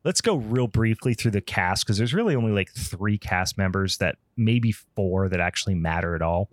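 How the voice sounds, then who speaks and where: Low-voiced man in casual podcast chat. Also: expressive, moderate pace, no echo, clean studio sound. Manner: profane, rambling, frequent ums. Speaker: podcast host.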